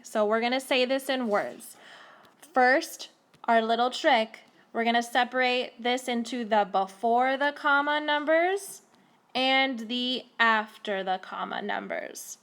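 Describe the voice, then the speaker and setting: A woman teacher explaining a math lesson to children slowly and carefully, recorded on a tablet. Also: fairly high pitch, a bit bright.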